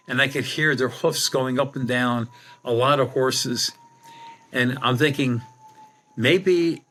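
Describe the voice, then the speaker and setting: A man's voice: medium pitch, sharp tone. A middle-aged man, a guest medium on a podcast, telling a long anecdote and acting out the dialogue. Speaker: guest medium and paranormal investigator. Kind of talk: storytelling in a podcast interview.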